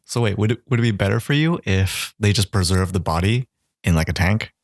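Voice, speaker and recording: A man co-hosting a podcast in casual chat, making quick quips and laughing a lot. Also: lowish voice. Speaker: podcast co-host. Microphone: studio mic.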